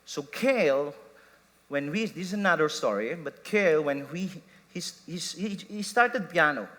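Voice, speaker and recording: A man's voice: fairly high pitch, expressive, unhurried, pushed and bright. A man preaching a sermon, telling a family story and laughing at himself as he quotes his sons and wife. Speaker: pastor. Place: church sanctuary. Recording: long church hall reverb.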